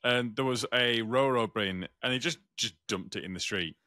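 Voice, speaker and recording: A man's voice: mid-range voice, normal speed, bright, forceful tone, dry recording, studio quality. A man on a podcast, chatting in a jokey way with stumbling restarts. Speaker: podcast co-host. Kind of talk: casual chat.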